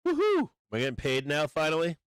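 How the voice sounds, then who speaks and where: A man hosting a live stock trading stream, talking through charts and swearing loudly when a trade turns against him. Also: mid-range voice, normal speed, clear, resonant tone, no echo. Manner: profane, swings from calm chart talk to furious outbursts. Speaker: livestream trading host. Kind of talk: live market stream commentary.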